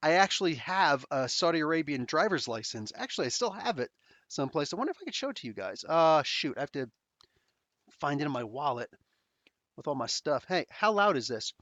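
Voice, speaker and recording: Animated middle-aged man telling a story. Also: on the high side, a little fast, dry recording. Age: 40s. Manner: animated, swearing, acts out quotes. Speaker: podcast host. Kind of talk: casual storytelling. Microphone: close desk microphone.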